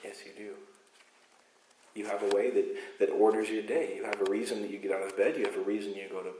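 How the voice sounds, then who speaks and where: A man preaching a sermon as pastor, emphatic, moving between loud insistence and quiet asides. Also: fairly low pitch, level tone, fairly quick, reverberant, slight background noise, low-quality recording. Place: church sanctuary.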